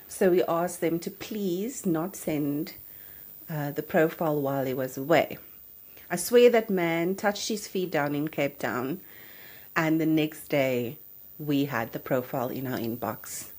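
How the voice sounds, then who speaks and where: A woman in her thirties hosts a podcast, telling a personal story with animated, emotional energy. Her voice sits a little lower than most women's. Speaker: podcast host.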